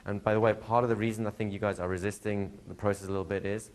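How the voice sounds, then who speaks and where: A man's voice: fairly low pitch, flat delivery, very fast, a little mellow. A man, a hypnosis instructor, answering a student's question in a live workshop, telling stories, laughing and acting out quoted dialogue. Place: training room with students.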